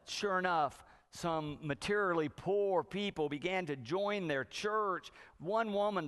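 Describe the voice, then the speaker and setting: A man pastor preaching a sermon, telling stories with wide swings from hushed to loud. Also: high-pitched.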